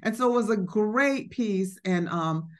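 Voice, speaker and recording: A woman's voice: medium pitch, animated, a little slow. Woman telling a reflective story. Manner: reflective, warm storytelling with acted quotes and frequent fillers. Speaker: art collector. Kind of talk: conversational storytelling.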